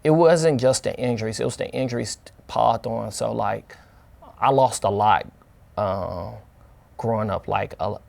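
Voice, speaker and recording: A young man from the St. Louis area, talking casually as an interview guest in a relaxed, colloquial way with many fillers and restarts. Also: fairly low pitch, a little slow, vocal fry. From St. Louis area, USA. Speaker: interview guest, football player.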